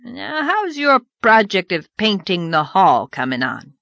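A woman's voice: mid-range voice, very animated, measured pace, creaky, a bit bright, no room sound, muffled recording, heavily acted. A woman voicing a blunt, outspoken older farmer in an audiobook, growling and grumbling. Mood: grudging. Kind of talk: audiobook character voice.

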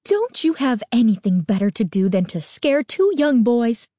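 A woman reader voicing an angry, protective mother with a shrill, demanding tone in a storybook reading. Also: sing-song, normal speed, mellow, dry recording, clean studio sound. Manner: demanding, indignant.

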